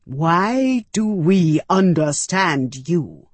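A growling alien creature, cold and distrustful, as a woman puts it on in a storybook reading. It drags each word out slowly and heavily in a low, breathy voice. The sound is close and dry, with no room around it. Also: very animated, no room sound, exaggerated voice. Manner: slow, measured, menacing delivery.

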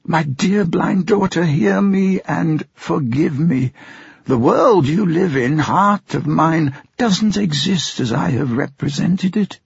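A man reading an audiobook, voicing a timid little old father who is gentle, anxious and remorseful. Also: a little high, slow, vocal fry, husky, no room sound, pitched above the performer's own voice, heavily acted. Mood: pleading. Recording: dull lo-fi sound.

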